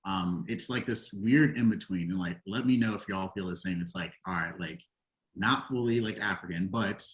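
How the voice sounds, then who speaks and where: A man's voice: sits low, moderate pace, low-quality recording. A young man as a podcast guest, reflective and hesitant as he tells his story. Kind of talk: casual podcast conversation.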